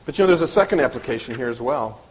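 A man's voice: mid-range voice, animated, rapid-fire, a little hiss or hum. A man preaching a sermon at a church service, earnest, often restarting and repeating his words.

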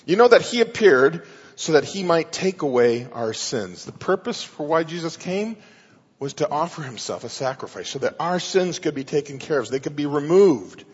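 Emphatic pastor in a reverberant hall. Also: male voice, fairly high pitch, sing-song, moderate pace, husky. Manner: emphatic verse-by-verse Bible teaching. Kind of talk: sermon. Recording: muffled sound with long hall reverb.

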